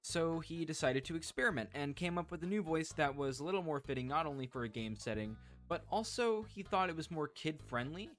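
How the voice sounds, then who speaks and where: A man's voice: fairly high pitch, lively intonation, fairly quick, few pauses, a bit bright, faint music behind. A man narrating a casual video essay in a chatty, wry way, full of "like" fillers, recorded on a home voice-over mic.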